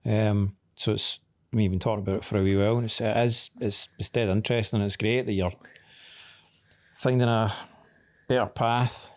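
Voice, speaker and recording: A Scottish man with a fairly low voice hosts a relaxed, friendly interview. He asks questions in an easygoing way and keeps his guest going with brief nods of agreement. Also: fairly quick. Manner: easygoing, encouraging, fills gaps with agreement. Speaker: interview host.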